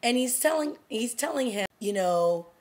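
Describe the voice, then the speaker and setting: Animated woman recapping a TV episode. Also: a little high, normal speed. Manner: animated, laughing, with dramatic asides. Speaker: TV review vlogger. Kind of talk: casual recap chat.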